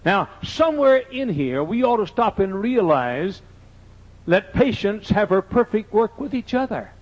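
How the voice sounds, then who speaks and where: Older guy pastor, kinda husky, telling funny folksy stories in a sermon, dull old recording. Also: high voice, big pitch swings, measured pace. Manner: folksy, joking anecdotes. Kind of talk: humorous sermon storytelling.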